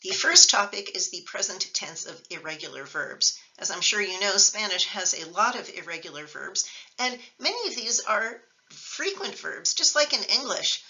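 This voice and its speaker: A woman teaching a recorded lesson, explaining patiently and clearly with occasional fillers. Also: medium pitch, sharp tone. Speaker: Spanish teacher. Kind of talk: recorded lecture video. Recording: slightly dull, lo-fi recording.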